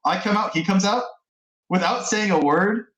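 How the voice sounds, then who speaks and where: A man in casual gaming chat, telling a story with lively acted-out quotes. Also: high voice, normal speed. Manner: animated storyteller, acts out quotes. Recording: echoey room.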